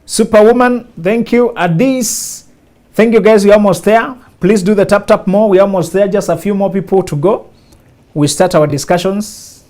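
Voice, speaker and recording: A man's voice: high voice, moderate pace, darkish tone. A man hosting a live stream, casually greeting viewers by name one after another.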